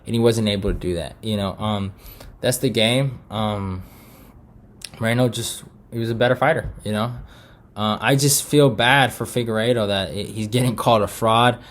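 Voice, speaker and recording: A young man from Eritrea hosting a casual fight recap, frustrated and animated, swearing often and restarting his sentences with lots of fillers. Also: on the low side, moderate pace. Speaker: MMA prediction channel host.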